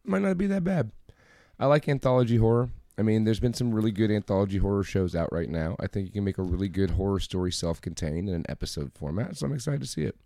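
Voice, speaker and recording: A man co-hosting a podcast in loose, sarcastic chat, swearing freely. His pitch swings up and down in lively fashion. The sound is dry and close, with no room around it. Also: fast talker, creaky, no room sound. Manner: profane, sarcastic, animated. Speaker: podcast co-host. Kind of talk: casual chat.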